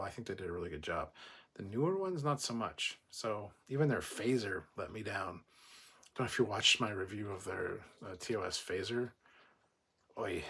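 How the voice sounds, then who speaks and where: This livestream host has a low, husky voice with vocal fry, bright and forceful in tone. He works through viewer comments, rambling and swearing freely as he spins into rants.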